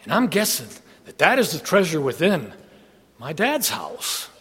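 A man delivers a sermon to his congregation in a folksy, conversational manner, joking and asking them questions as he goes. His voice sits a little high for a man. The sound carries a long echo, as in a large church hall. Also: big pitch swings, unhurried, fairly bright tone, husky. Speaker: preacher.

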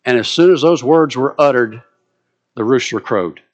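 A man's voice: mid-range voice, moderate pace, dull audio. A man preaching a sermon, retelling a story with drama and vivid asides.

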